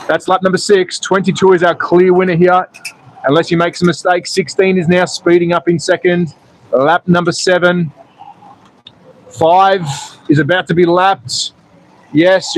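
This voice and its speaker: A man at home, excitedly calling slot car races on a live stream and casually chatting with viewers. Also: sits high, rough recording. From Australia. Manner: excitable commentary, then relaxed chatting with viewers. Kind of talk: live race commentary and chat reading. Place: home in Austria.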